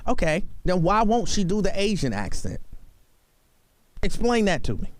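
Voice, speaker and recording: A man's voice: high-pitched, very animated, normal speed, dry recording. A man hosting a talk radio show from a studio, arguing his point emphatically and hammering it home by repeating himself. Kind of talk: opinionated talk radio monologue. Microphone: studio microphone.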